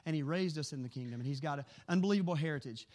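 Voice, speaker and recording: A middle-aged man preaching a sermon, telling animated stories in a quick, excitable way. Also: a little high. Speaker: pastor.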